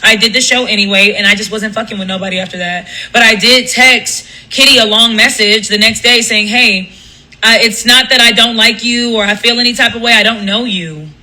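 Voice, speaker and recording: A woman's voice: a little high, fairly even intonation, a little fast, pushed and bright, poor audio. A woman talks straight to her viewers on a casual livestream, fed up and emphatic. She swears freely and keeps circling back and restarting her sentences. It should sound loose and spoken on the spot, not scripted. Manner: profane, emphatic storytelling with many restarts. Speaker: radio host and live streamer.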